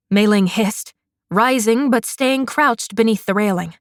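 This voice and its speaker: A woman narrating a fantasy romance audiobook in a measured, unhurried manner. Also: on the high side, no room sound, studio quality.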